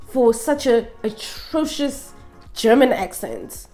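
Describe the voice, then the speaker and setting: A woman's voice: medium pitch, a little slow. Woman vlogger, sassy and emphatic, rhetorical questions, faint music underneath. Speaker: vlogger reviewing documentaries. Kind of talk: opinionated casual review.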